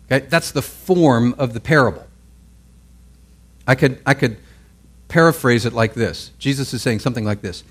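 A man's voice: mid-range voice, moderate pace. A man preaching a sermon as pastor, in a conversational way, often checking in with listeners and restarting his phrases. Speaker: pastor teaching a Bible class.

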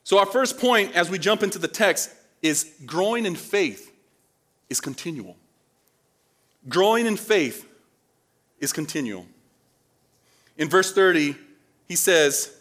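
A man from the Dominican Republic delivers a sermon in a casual, conversational style, frequently asking the congregation questions to check in with them. His voice sits high and is fairly bright, at a moderate pace.

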